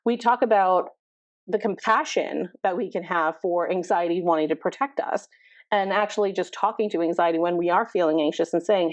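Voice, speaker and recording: A middle-aged therapist appears as a guest on a conversational podcast, explaining things thoughtfully and filling her speech with "like" and "you know." Her voice is on the low side and a little fast, and the podcast audio is dull and dry.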